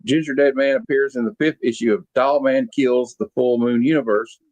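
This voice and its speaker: A man hosts a casual movie-review chat at a middling pitch, rambling loosely and leaning on fillers. His voice sounds dry and close, with no room echo. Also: fairly even intonation, normal speed, darkish tone. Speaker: podcast host.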